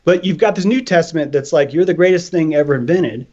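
A man talking loose and animated on a podcast, swearing freely and acting out little voices as he argues. His voice sits a bit high, and the audio is dull and lo-fi. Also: fast. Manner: animated, profane, acts out voices. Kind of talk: casual chat. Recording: dull lo-fi sound.

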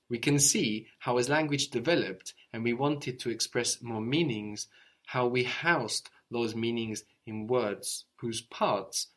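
A man teaching a language lesson, patiently explaining word roots and prompting his student with questions. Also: medium pitch.

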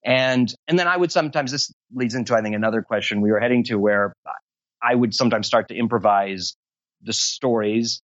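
Brisk and a bit bright, his medium-pitched voice carries long-winded, rambling answers with self-deprecating jokes as he's casually interviewed about voice acting. There's no room sound, and the highs are cut off.

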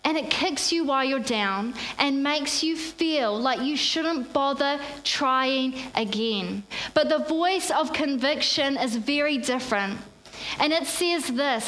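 A woman's voice: sits high, animated, takes it slowly, fairly bright tone. A woman preaching a sermon at a church service, drawing the congregation into call-and-response. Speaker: pastor.

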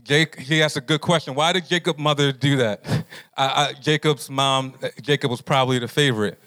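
A man's voice: medium pitch, fairly even intonation, moderate pace, sharp tone. A man preaching a sermon to a live group in a conversational way, often putting questions to his listeners. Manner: conversational, asks the audience questions. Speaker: pastor.

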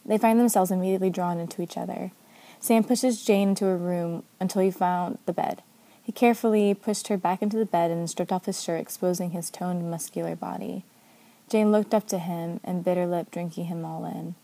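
A woman narrating a story aloud in a steady, even manner. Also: lowish voice, a little fast, creaky. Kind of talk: story reading.

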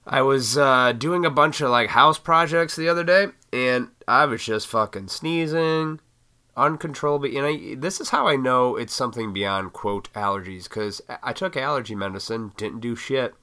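A man with a cold, his voice raspy, hosting a solo podcast and ranting in a heated, profane way. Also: medium pitch, moderate pace, sharp tone. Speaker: podcast host.

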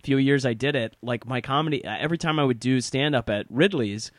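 A man hosting a podcast in casual, animated chat, laughing often and talking in quick bursts. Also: medium pitch, no echo, studio quality. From Detroit area. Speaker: podcast host.

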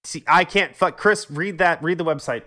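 A man hosting a casual gaming podcast, congested and a bit gravelly, sardonic and swearing freely. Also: on the high side, moderate pace, sharp tone. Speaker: podcast host.

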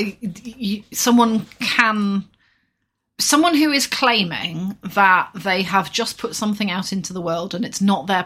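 A woman co-hosting a podcast, reasoning through points in a measured, dry way. Her voice is low and slightly husky. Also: fairly bright tone. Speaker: podcast co-host. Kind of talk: casual podcast discussion.

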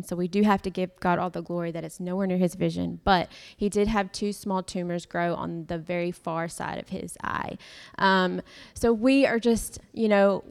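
A woman's voice: medium pitch, smooth. A young woman giving a heartfelt personal testimony in church, rambling a little with fillers and restarts.

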